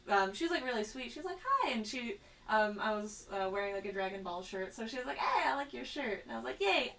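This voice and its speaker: A young woman co-hosting a podcast, telling a story in a bubbly, rambling way with lots of fillers and giggles. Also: mid-range voice. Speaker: podcast co-host. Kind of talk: casual podcast chat. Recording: distant mic with faint background noise.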